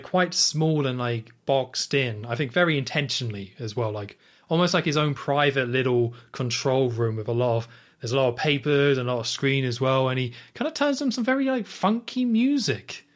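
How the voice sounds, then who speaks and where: A man's voice: mid-range voice, a bit bright. A man co-hosting a podcast, casually recapping a film scene with lots of "like" and playful asides. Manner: chatty, recounts scenes with lots of "like" and playful quoted reactions. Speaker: podcast co-host.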